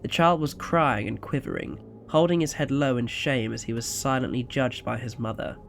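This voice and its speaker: A man narrating an audio story in a quiet, even storytelling manner. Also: medium pitch, moderate pace, creaky, faint music behind.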